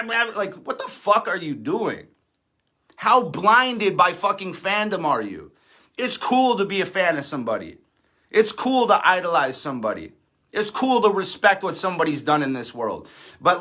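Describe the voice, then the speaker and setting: A man in his thirties, an independent rapper, rants defiantly and sarcastically on a livestream, swearing often. His high voice is bright with a forceful tone.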